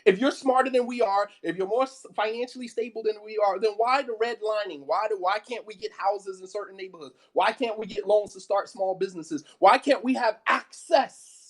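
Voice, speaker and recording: Man preaching, fiery, rhetorical questions, repeats himself, high-pitched voice. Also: fairly quick, few pauses. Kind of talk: impassioned sermon.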